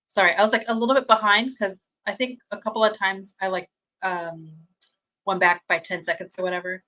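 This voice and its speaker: A woman hosting a fan watch-party stream, chatting casually and reading out viewer comments, gushing and excitable, laughing often and restarting her sentences. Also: lowish voice, rough recording.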